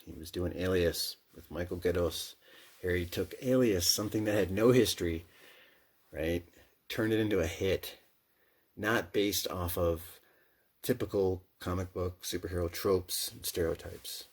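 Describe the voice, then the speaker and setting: A man's voice: low voice, measured pace, breathy edge. A man with a Midwestern accent, chatting casually and enthusiastically about his comic book collection, slangy and profane, rambling with restarts. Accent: Midwestern American. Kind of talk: casual chat.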